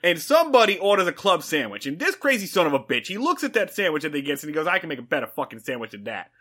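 A brash, foul-mouthed barroom blowhard, as a man puts him on in a thick Boston accent. He swaggers through every line, loud and profane, with his voice leaping high and low and a bright, sharp edge on it. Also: big pitch swings, fast.

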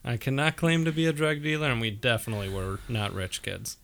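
Telling stories in a relaxed, animated way, a podcast co-host casually discusses a movie rewatch. The voice is medium-pitched and quick, with vocal fry and slight background noise.

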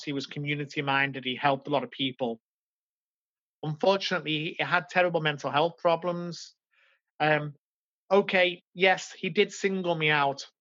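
A man's voice: fairly high pitch, bright, forceful tone. Earnest man, lo-fi podcast audio. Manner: earnest, with halting restarts. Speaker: podcast guest. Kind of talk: reflective personal storytelling.

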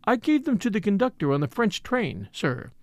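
A woman's voice: medium pitch, big pitch swings, normal speed, darkish tone, no echo, studio quality, pitched above the performer's own voice, close to an everyday voice. A man reading the part of an anxious young lady's maid who answers timidly and deferentially. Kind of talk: audiobook character reading.

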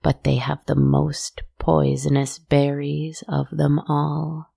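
A woman putting on a croaking, gloating witch. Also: deep voice, little pitch movement, dry recording, studio quality, exaggerated voice. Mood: menacing. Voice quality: croaking, slow and hushed. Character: cruel mocking witch, hag shedding vermin.

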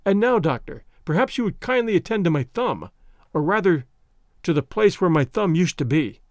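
A man voicing a shaken young gentleman engineer. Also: a little high, big pitch swings, moderate pace, dry recording, studio quality. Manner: polite, weary, nervous.

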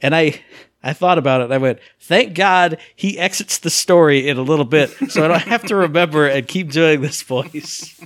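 A man co-hosts a podcast, animatedly discussing video games and doing sound effects and voices. His pitch is fairly high and his pace moderate, with no room sound in the recording.

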